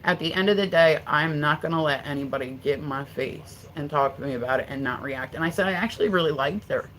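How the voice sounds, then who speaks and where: A woman's voice: low-pitched, fast, fairly bright tone, slight background noise, rough recording. A middle-aged woman chatting casually on a livestream, rambling and swearing as she answers viewer comments. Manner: rambling, profane storytelling. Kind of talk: casual live-stream chat.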